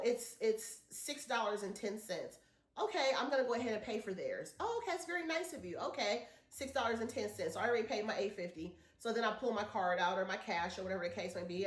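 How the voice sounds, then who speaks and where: A woman's voice: mid-range voice, echoey room. A woman vlogger, chatting casually and telling a rambling story to her viewers. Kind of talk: casual chat to camera.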